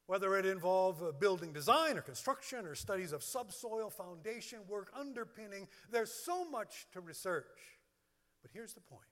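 A male pastor preaches with a high, very animated voice. He hits long strings of words one by one. The sound carries a long reverb from a big hall. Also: moderate pace. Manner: emphatic, lists words one by one. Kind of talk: sermon.

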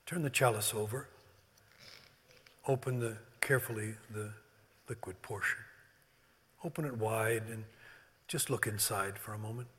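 A man preaching and leading communion, swinging from loud emphasis to hushed, near-whispered words. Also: lowish voice, unhurried, long pauses, slightly rough. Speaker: pastor. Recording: long hall reverb.

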